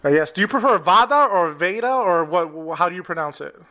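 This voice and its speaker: A man from New York hosting a podcast, chatty and quick to laugh, often apologetic. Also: high voice, expressive, pushed and bright, a little hiss or hum. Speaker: podcast host. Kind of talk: casual interview chat.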